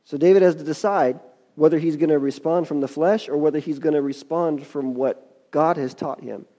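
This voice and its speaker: Folksy male preacher with a mellow voice. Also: a little high, fairly even intonation, normal speed. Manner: folksy, conversational Bible teaching with asides. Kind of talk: sermon.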